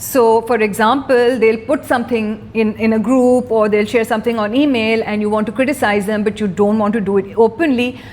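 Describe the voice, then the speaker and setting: A woman's voice: fairly high pitch, fairly even intonation, brisk, hardly any pauses, darkish tone, a little hiss or hum, close to an everyday voice. A woman with a Pakistani accent playing a pompous, condescending middle-aged aunty feminist who gives a satirical mock masterclass and lectures dismissively in English and Urdu. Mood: lecturing. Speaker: satirical host.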